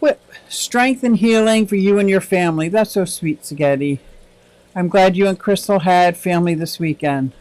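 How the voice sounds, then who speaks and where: A man's voice: high voice, moderate pace, a little mellow, low-quality recording. A man hosting a casual livestream, chatting in a rambling, upbeat way and answering viewer comments aloud. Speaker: livestream host.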